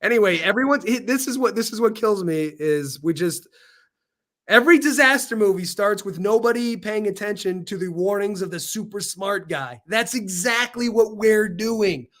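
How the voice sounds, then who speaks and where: High-pitched guy hosting a podcast, cussing and cracking up a lot. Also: moderate pace. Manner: swears freely, laughs a lot, animated. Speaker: podcast host. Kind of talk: casual chat.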